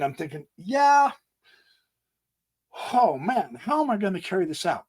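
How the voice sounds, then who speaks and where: A man walks through a chess game on a physical board in a folksy way, thinking out loud and dropping homey exclamations. His pitch sits a touch high and swings widely. He talks slowly, jumping between hushed asides and emphatic outbursts. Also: big pitch swings. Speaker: chess channel host.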